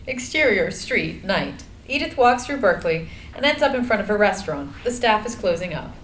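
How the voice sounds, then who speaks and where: A woman's voice: medium pitch, sing-song, moderate pace, fairly bright tone. A woman narrating screenplay stage directions in a table read, matter-of-fact. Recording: echoey room, faint noise.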